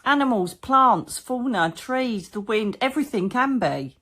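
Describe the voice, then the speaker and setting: A British woman, a psychic medium, telling stories to her viewers in a chatty, animated, colloquial way. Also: on the high side, unhurried, breathy edge. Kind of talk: casual storytelling to viewers.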